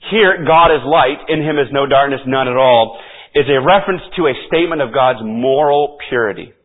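A man preaching a sermon as pastor, emphatic and repeating key phrases for stress. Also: medium pitch. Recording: tinny phone-like audio.

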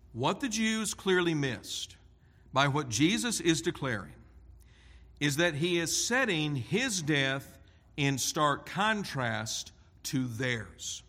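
A man preaching an expository sermon in a deliberate, emphatic way. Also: fairly high pitch, bright, forceful tone. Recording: long hall reverb.

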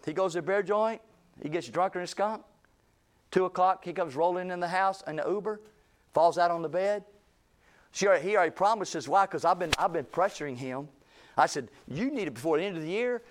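A man's voice: sits high, fairly quick. A male pastor telling a story in a sermon, acting out the people he quotes with rising intensity. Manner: animated, acts out quoted speech with rising intensity.

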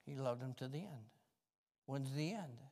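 A male pastor preaching a fervent sermon with folksy, self-mocking humor, swinging between shouts and quiet talk. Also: mid-range voice, animated, moderate pace. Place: church sanctuary. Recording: long reverb of a church hall.

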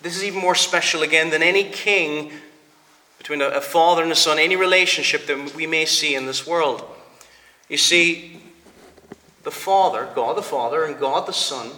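A man preaching a sermon in a church. He speaks emphatically, repeats key words and slows down for weight. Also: fairly high pitch, sharp tone. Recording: long church reverb.

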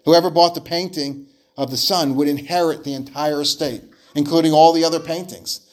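A man's voice: fairly high pitch, steady tone, brisk. A man preaching a sermon, telling an illustration story in an earnest way and often repeating words as he restarts phrases.

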